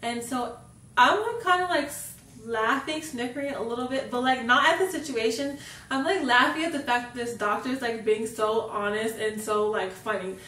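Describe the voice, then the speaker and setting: A young woman tells a personal story as a vlogger, in a loose, rambling way that keeps circling back on "like". Her voice sits a bit high, and the mic is set back from her, so the room echoes around her words. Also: moderate pace, bright, forceful tone, distant mic. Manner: chatty, fills sentences with "like". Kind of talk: casual storytelling.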